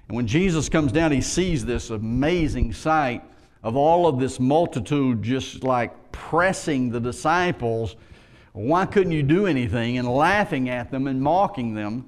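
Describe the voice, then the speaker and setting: Man preaching a sermon. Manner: storytelling, reads scripture aloud, rises in pitch and force when pleading.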